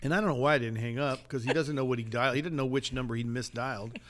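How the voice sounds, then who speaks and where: At a quick pace and medium pitch, a man on a podcast narrates a story in a chatty way. He brings it to life by acting out the voices of those he quotes.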